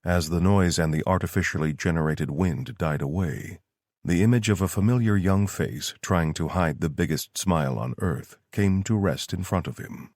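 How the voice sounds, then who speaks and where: A man reading an audiobook in steady, scripted narration. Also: low voice, moderate pace, no echo, studio quality.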